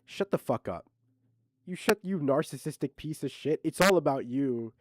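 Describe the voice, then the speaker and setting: Animated, profane male streamer ranting. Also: on the high side, normal speed, a little hiss or hum, poor audio. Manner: profane, mocking, heated rants. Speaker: streamer reacting to a clip. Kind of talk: casual reaction commentary.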